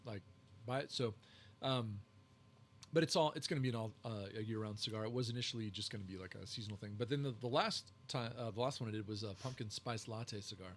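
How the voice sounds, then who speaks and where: A man's voice: on the low side, fast talker, fairly bright tone, a little hiss or hum. A man, a podcast guest who makes cigars, telling long casual stories with lots of fillers and restarts. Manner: rambling, many fillers and restarts. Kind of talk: casual storytelling.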